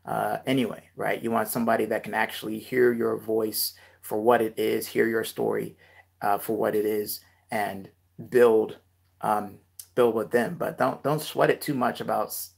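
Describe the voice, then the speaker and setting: Gravelly-voiced man coaching rappers. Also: on the low side. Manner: relaxed, filler-heavy, reads viewer comments aloud. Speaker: rap coach hosting a live Q&A. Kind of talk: casual live-stream Q&A.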